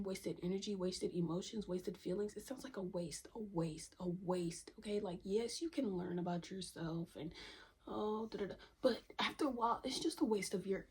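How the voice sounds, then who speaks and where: A woman's voice: mid-range voice, darkish tone, slightly rough. Emphatic, profane young woman venting. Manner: profane, emphatic, repeats lines for stress, drops to whispers. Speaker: vlogger. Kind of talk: candid self-help rant to camera.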